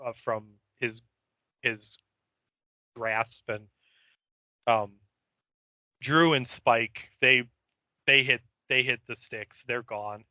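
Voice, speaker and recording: A man's voice: mid-range voice, fairly even intonation, very slow, pauses often, pushed and bright, no echo, dull audio. A man co-hosting a podcast, recapping an episode in a meandering, hesitant way. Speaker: podcast co-host.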